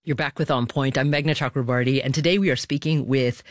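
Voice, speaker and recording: A woman hosting a public radio talk show, asking measured, thoughtful questions into a studio microphone. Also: extremely low pitch, steady tone.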